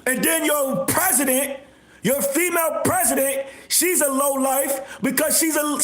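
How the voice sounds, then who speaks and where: A man hosting a livestream, delivering a repetitive, confrontational rant with bursts of shouting. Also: very high voice, a little slow. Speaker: livestream host. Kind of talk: ranting livestream monologue. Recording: echoey room.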